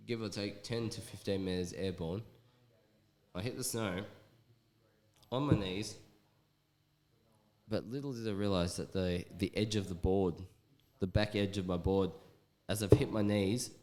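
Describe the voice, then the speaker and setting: A man's voice: deep voice, a little mellow. A man telling a story in a casual, rambling way, swearing often and using lots of fillers.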